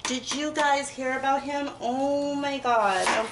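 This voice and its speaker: A young woman rambles and giggles as she bakes. Her voice bounces around an echoey home kitchen. Knife chopping and clattering dishes are clearly heard behind her. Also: high-pitched, a little slow, heavy background noise. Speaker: vlogger. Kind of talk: casual kitchen chat while baking. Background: chopping and clinking dishes.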